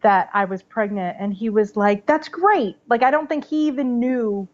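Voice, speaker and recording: A woman in her thirties, a podcast guest telling a personal story in a chatty, animated way, full of "like" and "you know". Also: medium pitch, normal speed. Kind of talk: casual storytelling interview. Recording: slightly dull podcast audio.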